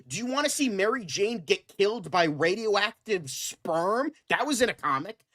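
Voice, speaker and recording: Swearing, ranting man with lively pitch. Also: moderate pace. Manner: heated, swearing, animated. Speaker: co-host. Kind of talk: profane ranting chat.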